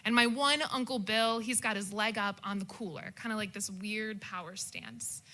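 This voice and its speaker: A young adult woman telling a comic personal story about a family holiday, animated and shouting out her relatives' quoted lines. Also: mid-range voice, moderate pace.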